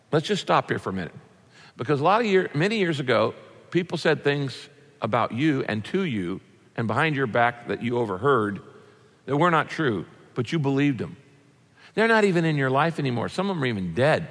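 A man preaching a sermon as pastor, earnest and emphatic, rising to loud peaks and dropping low and quiet. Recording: long hall reverb.

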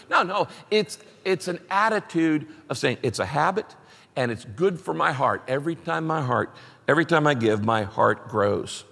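A man's voice: on the high side, lively intonation, normal speed, gravelly, pushed and bright, long reverb tail. A middle-aged man preaching a sermon, emphatic and repeating his key phrases as he reads scripture aloud. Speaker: pastor.

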